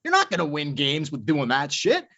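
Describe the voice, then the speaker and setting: Profane, fired-up man, slightly high. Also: huge pitch swings, moderate pace, bright, forceful tone. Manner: blunt, profane, worked up. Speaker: podcast co-host. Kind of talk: casual chat. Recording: muffled lo-fi podcast audio.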